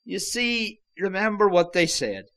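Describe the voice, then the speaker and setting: A man preaching a sermon, slowly reading and explaining scripture and asking his listeners direct questions. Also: high-pitched, sing-song, fairly bright tone. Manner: slow, measured preaching with scripture quotes.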